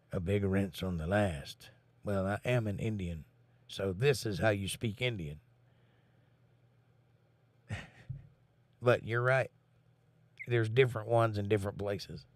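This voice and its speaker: A man's voice: lowish voice, no room sound. Laid-back folksy man, dry close sound. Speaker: livestream host. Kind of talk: casual chat, reading viewer comments aloud.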